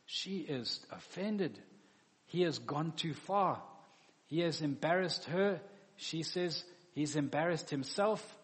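Animated preacher man in a reverberant hall. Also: a little high, takes it slowly. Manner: animated, acts out biblical dialogue. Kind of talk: sermon.

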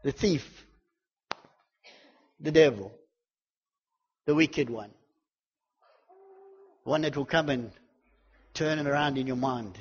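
Husky fervent preacher in an echoey church. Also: male voice, medium pitch, slow, pauses often, highs cut off. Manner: fervent, swinging between loud declarations and hushed intensity; repetitive, builds lists and refrains. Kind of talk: sermon.

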